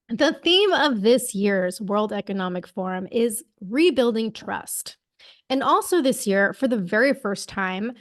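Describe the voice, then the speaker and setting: Outspoken, sarcastic female podcast co-host; slightly high voice, dry close mic. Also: no room sound. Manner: outspoken, sarcastic, laughs at own slips. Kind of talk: casual podcast commentary, reading quotes.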